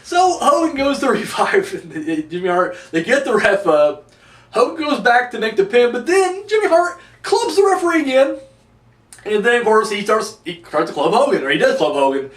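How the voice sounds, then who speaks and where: A man's voice: extremely high pitch, sing-song, moderate pace, fairly bright tone. A man giving a casual, rambling and profane video review, with a sarcastic edge. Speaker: wrestling reviewer. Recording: echoey room, distant mic.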